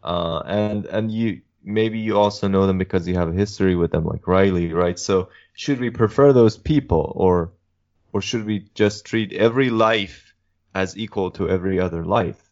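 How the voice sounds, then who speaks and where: A young man, a philosophy student, talking through ideas on a podcast in a measured, methodical way with many pauses. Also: sits low, darkish tone. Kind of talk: casual podcast discussion. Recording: dull lo-fi podcast audio.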